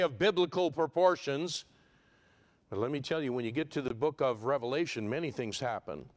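Using a recurring list-style cadence, a man works through an expository sermon. His voice builds to emphatic, loud high points before sinking low and quiet.

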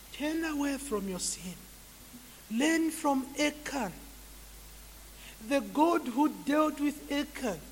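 High-voiced preacher guy, slow and pleading, faint hiss, sounds like a big church hall. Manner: slow, pleading, rising to urgent appeals. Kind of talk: sermon with closing prayer. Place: church sanctuary.

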